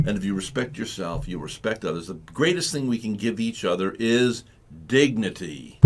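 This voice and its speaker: A man's voice: on the low side, moderate pace, hardly any pauses, loud music behind the voice. A man hosting live morning talk radio, telling rambling stories and acting out the voices of the people in them. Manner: rambling, animated storytelling with acted-out quotes. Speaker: radio talk show host.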